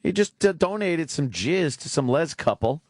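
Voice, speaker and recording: A man's voice: on the high side, moderate pace, no echo. A man co-hosting a radio show, swearing freely and reacting a lot. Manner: profane, lively reactions. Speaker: radio co-host. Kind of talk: casual radio chat.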